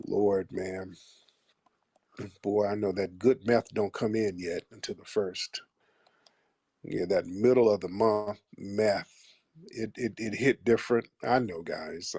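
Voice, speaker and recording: Low husky guy hosting a call-in stream, dry sound, roasts callers slow and blunt. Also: darkish tone, dry recording. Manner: mocking, insulting callers bluntly. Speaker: host of a live call-in stream. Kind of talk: combative call-in show talk.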